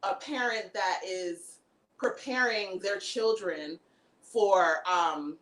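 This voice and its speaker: A woman's voice: mid-range voice, slow pace, a bit bright, low-quality recording. A woman guest in a casual interview, speaking earnestly and reflectively and laughing easily. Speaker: guest, artist and comedian.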